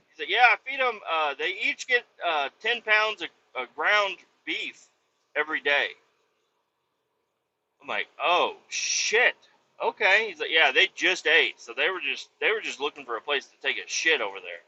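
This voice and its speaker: Profane, animated trucker man from Kansas. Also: a little high, moderate pace, dull audio. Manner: profane, animated, acts out quotes. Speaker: truck driver. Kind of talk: casual rambling storytelling. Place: truck cab while driving.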